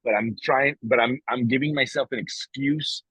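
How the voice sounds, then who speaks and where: A man's voice: medium pitch, steady tone, normal speed, a bit bright, breathy edge, dry recording, poor audio. A man co-hosting a podcast, talking in a rambling, emphatic way and swearing casually as he chats. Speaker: podcast co-host. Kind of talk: casual morning chat.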